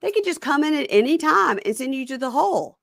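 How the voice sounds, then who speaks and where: A woman's voice: sits high, very animated, fast talker, vocal fry, a bit bright, pitched above the performer's own voice, heavily acted. A woman playing an incarcerated man who keeps dodging questions, in a mocking retelling. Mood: whiny. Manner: evasive, mock-pleading retelling.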